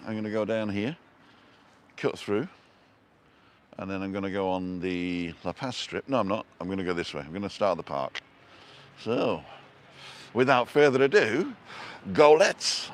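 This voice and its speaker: A man with a fairly low voice hosts a casual live walking vlog from a town street and park. He chats in a rambling way, says hello to viewers by name, and films on a handheld phone, with soft outdoor ambience behind him. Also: moderate pace, long pauses, a little hiss or hum. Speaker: vlog host on a live stream.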